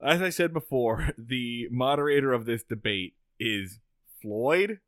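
A man co-hosting a podcast in casual comedic chat, animated and prone to loud excited outbursts. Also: mid-range voice, unhurried, dry recording. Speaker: podcast co-host.

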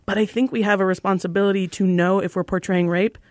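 Brief: female co-host, earnest and measured, dry close sound. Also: mid-range voice, fairly even intonation, no room sound. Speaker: podcast co-host. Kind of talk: casual chat.

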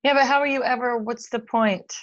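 A woman's voice: fairly high pitch, fairly even intonation, fairly quick, dull audio. A woman co-hosting a podcast in casual chat, frank and reassuring with a playful streak. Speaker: podcast co-host.

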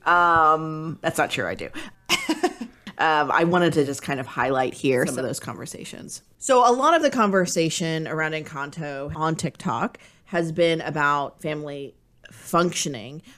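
Woman podcast co-host, low voice, very lively delivery, chatty with playful asides. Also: a little slow. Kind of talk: casual podcast chat.

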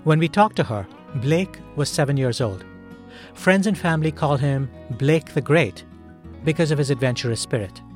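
A man hosting a podcast, delivering scripted narration in a measured, calm storytelling manner. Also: a little high, faint music behind. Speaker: podcast host.

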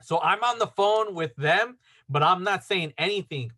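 Dude telling a story casually, rambly, slightly high voice, bright and forceful. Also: male voice, expressive, normal speed. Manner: rambling, filler-heavy, acts out quoted dialogue. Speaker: podcast storyteller.

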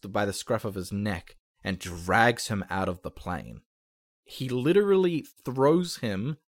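A man's voice: fairly low pitch, dry recording, studio quality. A man narrating a tabletop role-playing game as game master, describing scenes vividly with some hesitant restarts.

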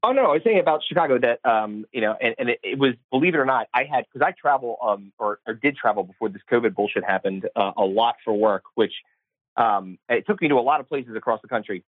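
A man calling in to a talk show, telling a loose story full of ums and restarts. His voice sits at an ordinary pitch. The line is dull, lo-fi and dry. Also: animated, quick pace, no room sound. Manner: rambling, hesitant with many fillers. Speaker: caller. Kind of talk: casual call-in chat.

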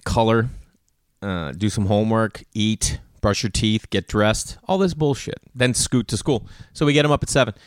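This solo podcast host has a clear, resonant voice on the low side and speaks at a moderate pace, captured in clean studio sound with no room sound. Loose and casually profane, he tells stories animatedly and acts out conversations with his family.

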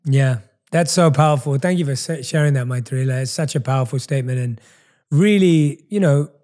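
A man's voice: mid-range voice, a little fast. Effusive British man hosting an interview. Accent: London English. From London, England. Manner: warm, effusive praise, repeats words. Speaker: interviewer host. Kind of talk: interview conversation.

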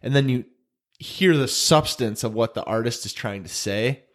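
A podcast co-host chats casually, earnest and emotional, often repeating his words. His voice sits in the mid-range and moves at a normal speed.

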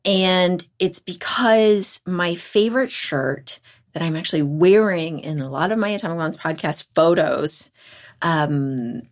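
A woman's voice: fairly low pitch, unhurried. A woman in her thirties hosting a podcast, telling stories in casual chat and acting out the people in them. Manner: animated storyteller who acts out other people. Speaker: podcast host.

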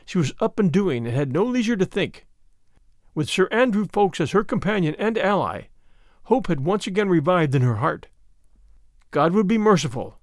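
A man's voice: high-pitched, very animated, normal speed, no echo, studio quality. A man reading a classic novel aloud as an audiobook narrator. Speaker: audiobook reader. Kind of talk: scripted narration.

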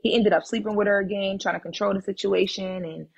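A woman guest on a podcast, telling a personal story in a casual, animated and blunt way, swearing freely. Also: mid-range voice, fast, gravelly, breathy edge, highs cut off.

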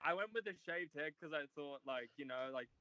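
A man's voice: on the high side, lively intonation, a little fast, background noise. A young man in his twenties with an Australian accent, chatting loosely as a podcast guest, filling his answers with "like" and "uh". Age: 20s. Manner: laid-back and rambling, heavy on "like" and "uh". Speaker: podcast guest, college runner. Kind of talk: casual interview chat.

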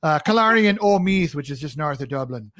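A man's voice: fairly high pitch, expressive, brisk, fairly bright tone, dry recording, studio quality. A man hosting a casual interview, easygoing and hesitant, with many small restarts. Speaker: podcast host.

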